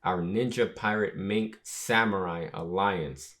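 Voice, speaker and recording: A man's voice: deep voice, a bit bright. A man reading as a solemn young ruler. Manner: formal, measured delivery. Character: young male ruler giving a solemn proclamation.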